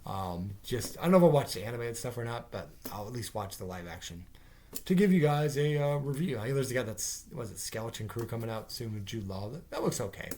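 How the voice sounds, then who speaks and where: A man's voice: medium pitch, lively intonation, a little fast, a little mellow, a little hiss or hum. A man giving a casual spoken review of a TV episode, rambling and sarcastic, with fillers and swearing. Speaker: TV show reviewer.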